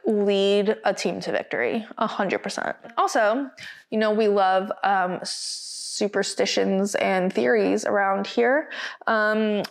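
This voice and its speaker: A woman co-hosts a podcast in a casual recap style. She talks in a chatty, expressive way with a mid-range voice. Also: mid-range voice, vocal fry. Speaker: podcast co-host.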